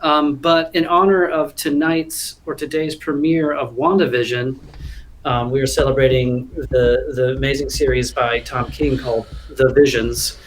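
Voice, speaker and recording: A man co-hosting a casual livestream chat from home, joking around with quick asides. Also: medium pitch, flat delivery. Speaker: co-host.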